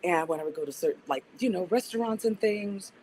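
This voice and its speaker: A woman's voice: lowish voice, quick pace, darkish tone, slightly rough, low-quality recording. A woman guest on a podcast, an organizer and activist, talking reflectively and restarting her sentences as she thinks. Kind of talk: casual interview conversation.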